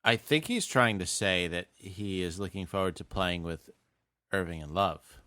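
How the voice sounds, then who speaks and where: Deadpan man with a low voice. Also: normal speed, no room sound. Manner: dry, deadpan sarcasm. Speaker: podcast co-host. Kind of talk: casual sports chat.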